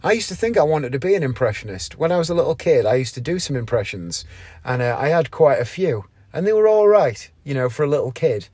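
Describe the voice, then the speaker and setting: A man's voice: medium pitch, lively intonation, quick pace, darkish tone, slightly rough, no echo, clean studio sound. A man hosting a podcast, talking in a rambling, chatty way with frequent ums and asides. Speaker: podcast host and variety magician. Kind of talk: casual podcast monologue.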